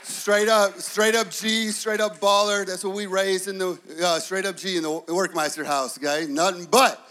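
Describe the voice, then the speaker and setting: Bright, high-voiced animated male preacher. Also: normal speed, few pauses, a little hiss or hum. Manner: animated storytelling, acts out kids in high voices. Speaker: pastor. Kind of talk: sermon.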